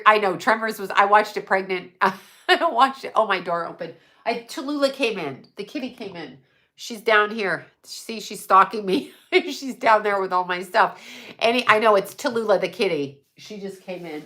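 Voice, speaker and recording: A woman's voice: a little high, bright, forceful tone. A middle-aged woman hosting a casual livestream from home, rambling from thought to thought, swearing freely and laughing often. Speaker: livestream host.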